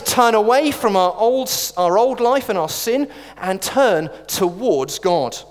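A man delivers a sermon, his high voice leaping about with expressive swings. He mixes earnest conviction with wry, self-aware jokes. The sound carries the long reverb of a church hall. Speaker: preacher.

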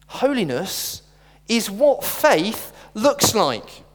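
A man's voice: sits high, sing-song, drawn-out words. A middle-aged man preaching a sermon in a church, earnest with wry asides and jokes. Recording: reverberant church hall.

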